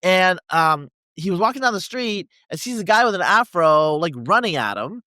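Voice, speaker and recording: A man with a high, bright voice hosts a podcast conversation. He rambles through his questions, full of fillers and restarts. The sound is dry and close. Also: very animated, moderate pace, no echo. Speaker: podcast host. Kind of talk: conversational interview.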